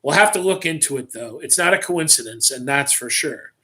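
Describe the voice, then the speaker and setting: A man reading a story aloud on a livestream, voicing a calm, guarded mentor who talks in a measured, thoughtful way. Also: mid-range voice.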